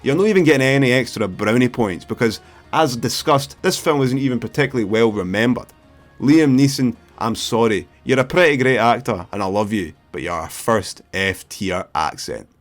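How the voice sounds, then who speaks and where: A man's voice: mid-range voice, lively intonation, moderate pace, faint music behind. A Scottish man giving opinionated, sweary, sardonic film commentary as the host. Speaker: film reviewer.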